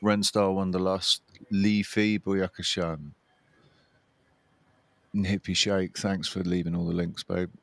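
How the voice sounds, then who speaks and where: A man's voice: low voice, flat delivery, takes it slowly, gravelly, a bit bright, no room sound. A man hosting a casual livestream, chatting and greeting viewers by name. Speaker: livestream host. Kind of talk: casual chat.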